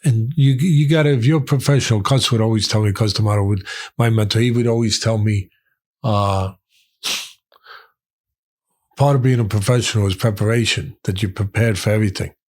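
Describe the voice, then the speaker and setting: Husky-voiced man telling a story emphatically. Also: fairly low pitch, fairly even intonation, brisk, a little mellow. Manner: emphatic, repeats phrases for weight. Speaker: guest, boxing trainer and commentator. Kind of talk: storytelling in conversation.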